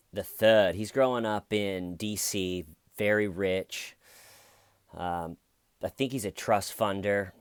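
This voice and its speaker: Low-voiced man, wry rambling commentary. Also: clear, resonant tone, no room sound. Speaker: true crime YouTuber. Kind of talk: casual commentary.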